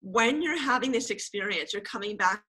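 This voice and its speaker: A woman interviewer with a husky yet forceful, bright voice. She asks her question eagerly and gropes for words along the way, circling back before getting to the point. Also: mid-range voice, expressive, normal speed, poor audio. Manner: enthusiastic, searching for words while asking.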